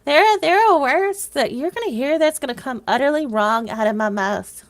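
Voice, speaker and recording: A woman's voice: sits high, lively intonation, moderate pace. A woman livestreamer chatting casually with viewers, rambling and sometimes trailing off into whispers.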